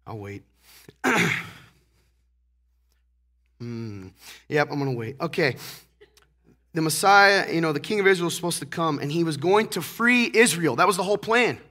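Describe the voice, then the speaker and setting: Hoarse guy preaching in church, kinda high voice, jokey, pokes at the crowd. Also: expressive, normal speed, long pauses, sharp tone. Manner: joking, teasing the congregation, many rhetorical questions. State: hoarse, congested. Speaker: pastor. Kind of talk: casual conversational sermon. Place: church sanctuary.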